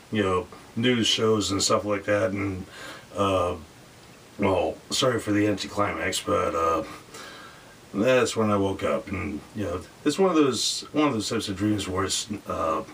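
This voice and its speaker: A man's voice: on the low side, creaky, distant mic, slight background noise. A man telling a rambling dream story casually, with lots of fillers and voices acted out.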